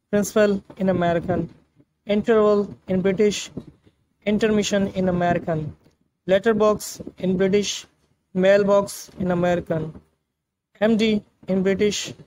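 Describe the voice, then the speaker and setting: A man teaching vocabulary, reading a word list in a measured, repetitive way. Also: high voice, fairly even intonation, darkish tone, slight background noise, low-quality recording. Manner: measured, list-like delivery with repeated phrasing. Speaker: language teacher.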